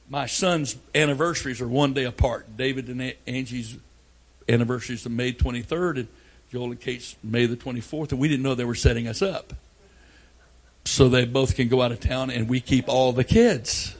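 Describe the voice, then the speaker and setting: An older man preaching a sermon, telling folksy family stories and breaking into loud outbursts. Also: mid-range voice, normal speed. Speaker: pastor.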